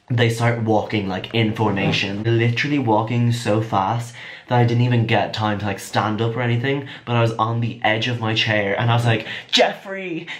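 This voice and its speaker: A young man telling a chatty, excitable storytime vlog. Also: on the low side. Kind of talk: casual storytime.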